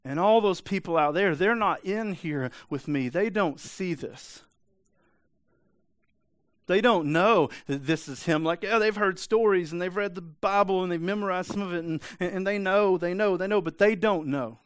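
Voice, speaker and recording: A man's voice: high voice, moderate pace, fairly bright tone, smooth, no room sound, clean studio sound. A man as pastor preaching a sermon in a conversational, emphatic way, asking rhetorical questions and acting out quoted voices.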